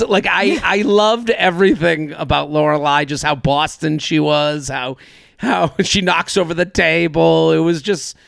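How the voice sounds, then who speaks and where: A man with a gravelly, fairly high voice chats casually as a podcast co-host. He talks haltingly, restarting and filling his sentences. The sound is dry and close. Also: steady tone, a bit bright, no echo. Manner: halting, many restarts and fillers. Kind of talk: casual chat.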